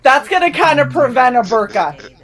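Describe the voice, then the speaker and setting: A woman's voice: high-pitched, moderate pace. An American woman co-hosting a casual live stream, telling swear-heavy stories and laughing as she acts out other people's voices. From United States. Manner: profane, animated storyteller who mimics voices and laughs often. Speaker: stream co-host.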